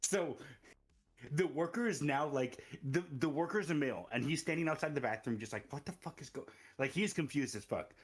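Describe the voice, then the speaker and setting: Game-master man, higher voice, laughing. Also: animated, fairly quick. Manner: laughing often, casual swearing. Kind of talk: narrating an online tabletop game.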